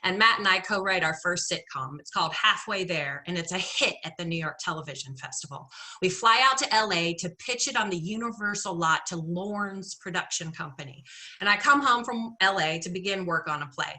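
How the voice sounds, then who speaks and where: A woman performing a solo storytelling show, playful and animated, with conversational asides to the audience. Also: fairly low pitch, a little fast. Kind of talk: theatrical storytelling monologue.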